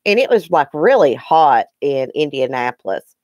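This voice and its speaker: A middle-aged woman with a Southern Appalachian accent chats with her live audience in a low, unhurried voice. She sounds folksy and talkative, calling viewers by name. The sound is dry and close. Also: very animated, darkish tone, no echo. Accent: Southern Appalachian (Southwest Virginia). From Southwest Virginia, grew up partly in Eastern Kentucky. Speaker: livestream host. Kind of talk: casual chat with live viewers.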